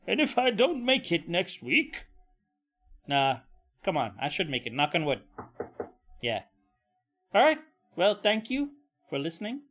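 A nasal man talks through a casual solo podcast, with a voice that swings up and down a lot as he rambles. He swears freely, jumps between topics, and now and then pops into high mock voices. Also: a bit bright. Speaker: podcast host.

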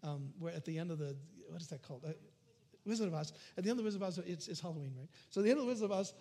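A man preaching a sermon, animated, swinging from loud calls to hushed near-whispers. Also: a little high, racing, breathy edge. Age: adult. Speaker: pastor.

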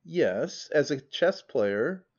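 A woman's voice: low-pitched, big pitch swings, very slow, darkish tone, breathy edge, full character voice. A man voicing a curt, guarded young wife. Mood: flustered. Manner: curt, clipped replies. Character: proud young married woman, guarded and tense. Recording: dull lo-fi audiobook recording.

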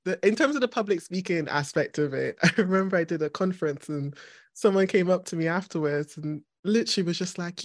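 A woman's voice: on the low side, lively intonation, fairly quick, dry recording, studio quality. A woman hosting a podcast in a casual conversation. She reflects on her experiences in a thoughtful, considered way. She laughs easily as she talks. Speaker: podcast host.

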